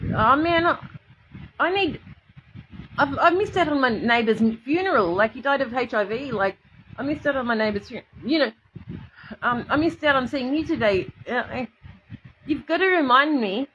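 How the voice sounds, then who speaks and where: A woman's voice: sits high, expressive, normal speed, a bit bright, lo-fi sound, a little hiss or hum. An Australian woman rambling to her viewers on a livestream, emotional and swearing freely, answering commenters as she goes. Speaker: vlogger addressing viewers.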